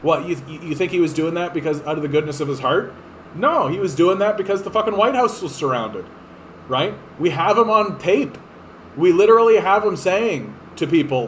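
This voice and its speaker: A man with a somewhat higher voice, riffing through a political commentary podcast. He swears freely and keeps tossing in fillers and tag questions. A faint air-conditioner hum sits under him. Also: lively intonation, fairly quick, rough recording. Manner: profane, fired up, filler-heavy. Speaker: podcast host.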